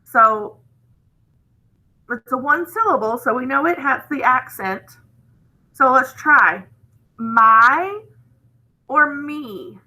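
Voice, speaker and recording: A woman with a high, bright voice walks through a phonics lesson. She talks slowly and patiently and keeps checking in with the class. Her tone stays plain and instructive throughout. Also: animated. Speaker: phonics teacher.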